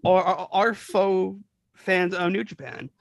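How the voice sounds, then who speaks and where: Stammering man with a slightly high voice. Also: slow pace, creaky, dry recording. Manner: stammering, repeats words while searching for them. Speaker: wrestling podcast co-host. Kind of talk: casual chat.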